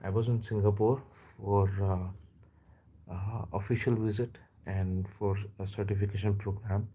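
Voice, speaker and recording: A man from India hosting a casual live stream, chatting in a rambling way and often pausing to hesitate and correct himself. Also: lowish voice, steady tone, warm tone, slight background noise. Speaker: livestream host.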